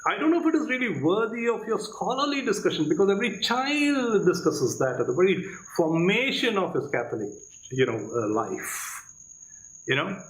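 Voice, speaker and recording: A man's voice: sits high, very animated, normal speed, echoey room, poor audio. A man giving Catholic opinion commentary, emphatic, asking rhetorical questions and calling the listener "my friend". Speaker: Catholic commentator reviewing a debate.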